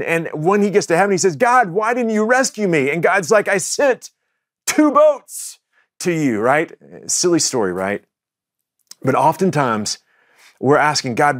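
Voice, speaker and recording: A man's voice: medium pitch, no echo, studio quality. A man preaching a sermon as the pastor, in a conversational style with frequent restarts and asides to the congregation.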